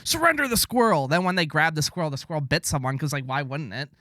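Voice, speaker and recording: Rambling sarcastic podcast host, dry sound. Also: male voice, a little high, fast, bright, forceful tone, dry recording. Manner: rambling, sarcastic, mock-boastful. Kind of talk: casual podcast banter.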